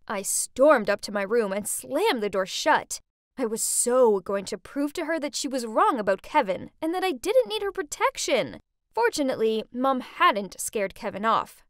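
A woman narrating a scripted first-person story in an animated, exclamatory way. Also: a little high, measured pace, dry recording, studio quality.

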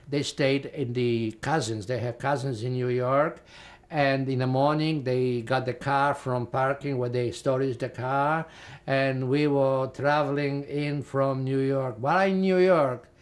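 An older man with a Polish accent, a Holocaust survivor recalling his life in a halting, rambling way full of fillers. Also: mid-range voice. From Poland. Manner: rambling, halting, with frequent fillers and repeated words. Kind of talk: oral history testimony.

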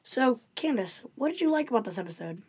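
A woman's voice: on the high side, sing-song, darkish tone, slightly rough. A woman co-hosting a podcast in casual chat, eagerly chiming in with agreement and praise. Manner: eager, chimes in with quick agreement and gushing praise. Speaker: podcast co-host.

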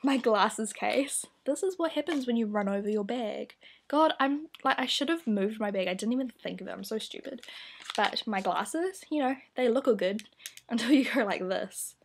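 A woman's voice: fairly high pitch, lively intonation, moderate pace, gravelly, a little hiss or hum. A young woman vlogging to camera in casual chat, telling a story in a self-deprecating, giggly way. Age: young adult.

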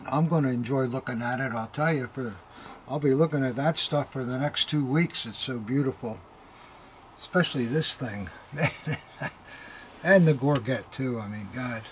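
An older man talks through an unboxing in a relaxed, hesitant way, pausing on fillers and letting out amazed asides. Faint noise sits under the recording. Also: medium pitch. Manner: hesitant, full of fillers and awed exclamations. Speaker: militaria dealer hosting unboxings. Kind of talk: casual unboxing chat.

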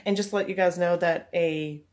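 A woman's voice: lowish voice, steady tone, fairly quick, a little mellow. A woman, chatting casually to the camera in a vlog and laughing often. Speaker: vlogger.

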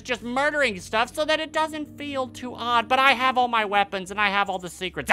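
A man doing gameplay commentary, loud and profane, shouting at enemies and making silly nonsense sounds. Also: very high voice, animated, a little fast, few pauses, clean tone. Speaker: gaming streamer.

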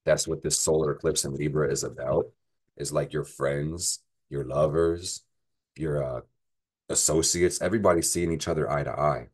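A man's voice: extremely low pitch, steady tone, normal speed, a little mellow, breathy edge. A man giving a casual astrology forecast, profane and rambling, joking as he goes through the week. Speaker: astrology vlogger.

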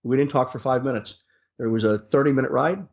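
A man's voice: medium pitch, brisk. A man working as a rideshare driver, telling stories in an interview in a rambling way, with many restarts and fillers. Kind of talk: casual storytelling in an interview. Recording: dull lo-fi sound.

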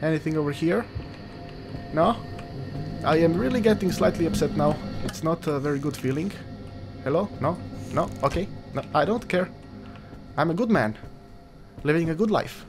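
A man's voice: fairly high pitch, normal speed, long pauses. A man giving casual, jokey commentary while playing a horror game, rambling and talking back at the game. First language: Croatian. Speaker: let's play gamer. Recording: game music behind.

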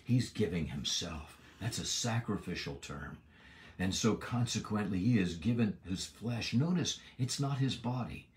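A man giving a Bible lesson, stressing key words emphatically and drawing out scripture phrases slowly. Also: on the low side, lively intonation. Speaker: Bible teacher.

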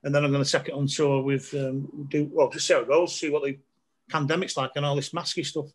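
Middle-aged man, comedian guest on a video call, fairly high voice, rambling and laughing anecdotes. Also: little pitch movement, quick pace. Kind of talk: casual storytelling chat over a video call.

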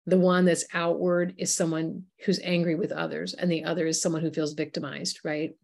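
A woman guest author in an interview, telling animated stories and acting out the voices of the people in them. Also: low-pitched, moderate pace, creaky. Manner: animated storytelling, acts out quoted voices. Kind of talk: interview conversation.

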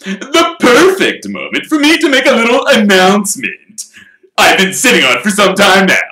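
A man voicing a vain, showy male celebrity wizard author in a pompous, booming, theatrical way. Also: big pitch swings, normal speed, pushed and bright, echoey room, heavily acted, poor audio. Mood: grandstanding.

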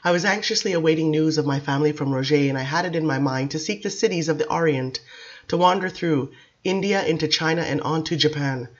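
A woman's voice: deep voice, a little fast, muffled recording. Woman reading a novel aloud. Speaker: audiobook reader. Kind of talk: audiobook narration.

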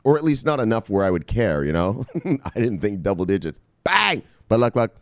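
A man hosting a video, giving his viewers a fired-up, profane pep talk and repeatedly shouting "bang". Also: lowish voice, sing-song, moderate pace, no echo, clean studio sound. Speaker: crypto video host. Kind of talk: hyped pep-talk vlog.

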